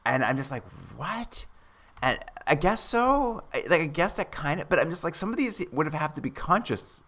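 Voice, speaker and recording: A man's voice: a little high, fairly quick. A man co-hosting a podcast, casually recapping a TV series and acting out the characters' lines as he tells it. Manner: animated storyteller, acts out characters' lines. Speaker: podcast co-host. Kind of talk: casual chat recapping a TV show.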